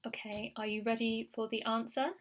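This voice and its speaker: A woman teaching an English grammar lesson, patient and clear, repeating key words and checking in with the learner. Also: on the high side, monotone, moderate pace, noisy background. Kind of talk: slow recorded grammar lesson.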